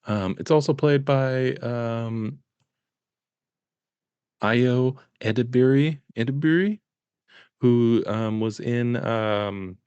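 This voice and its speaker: A man's voice: medium pitch, takes it slowly, pauses often, a little mellow, clean tone, no echo, highs cut off. A man co-hosting a casual podcast, hesitant and laughing, with many ums. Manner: hesitant, laughing, full of fillers. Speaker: podcast co-host.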